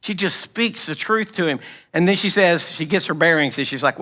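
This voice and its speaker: Bright-voiced, high-pitched male preacher. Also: animated, moderate pace. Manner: storytelling, acts out quoted lines, frequent throat clearing. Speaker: pastor. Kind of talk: sermon. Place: church.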